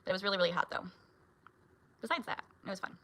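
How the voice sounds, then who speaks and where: A woman's voice: mid-range voice, animated, quick pace, bright, forceful tone, slight background noise. A woman, a mom, chatting casually with her viewers in a vlog, reacting to their comments and laughing often. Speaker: vlogger and mom.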